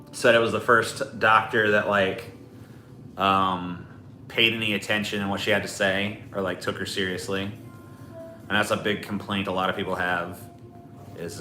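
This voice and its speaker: A man holds forth on his livestream, blunt and rambling, swearing freely as he goes. His voice sits a little low but has a sharp, forceful edge. The room is echoey, with faint music playing underneath. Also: level tone, normal speed. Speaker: livestream host. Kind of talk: casual stream chat.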